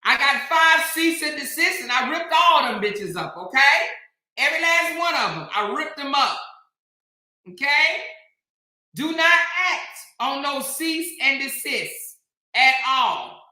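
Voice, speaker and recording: A woman's voice: high voice, animated, slow pace, pushed and bright. An American woman hosting a casual commentary vlog, sassy and emphatic, speaking straight to the people she talks about. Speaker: commentary vlogger host. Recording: echoey room.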